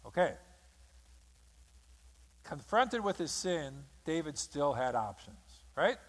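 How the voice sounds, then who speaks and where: A man's voice: high voice, fairly bright tone. A man preaching a sermon, telling a story dramatically and acting out the quotes of the people in it. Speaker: pastor. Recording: long hall reverb.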